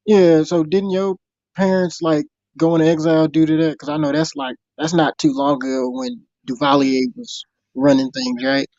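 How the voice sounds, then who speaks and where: Male caller, hesitant, filler-heavy questions, slightly high voice, dry muffled sound. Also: lively intonation, normal speed, vocal fry, a little mellow, no room sound. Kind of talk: call-in conversation.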